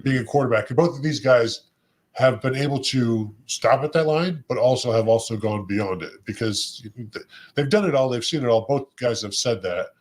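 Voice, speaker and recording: A man of middle pitch talks sports on a podcast, his voice going hoarse from talking. He rambles and restarts his sentences in casual chat. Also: normal speed. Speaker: podcast co-host. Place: convention center.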